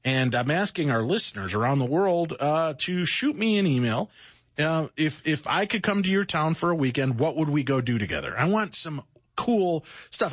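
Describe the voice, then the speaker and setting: A man co-hosting a radio talk show, joking and animated in casual banter. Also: on the high side, moderate pace, no echo. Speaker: radio co-host.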